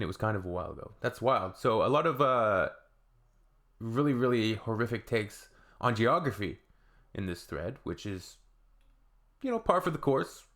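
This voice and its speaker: A man's voice: on the low side, a bit bright. A man from Canada hosting a reaction video, reading comments aloud with wry, sarcastic asides.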